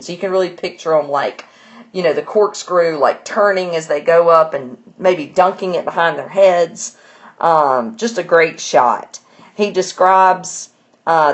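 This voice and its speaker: A woman teaching a poem in a casual, chatty lesson, talking it through with many fillers and restarts. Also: deep voice.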